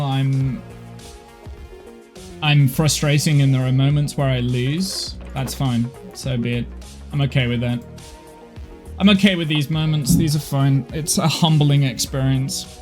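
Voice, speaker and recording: Male streamer, tired, chatty and apologetic, rambling with restarts, music faintly in the background. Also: medium pitch. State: tired, overheated. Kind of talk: casual live-stream gaming chat. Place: home office.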